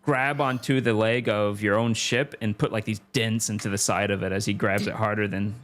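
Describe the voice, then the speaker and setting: A man's voice: lowish voice, steady tone, moderate pace, a bit bright. A man running a tabletop game as game master, hesitant and laughing often. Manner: hesitant, laughing, full of fillers.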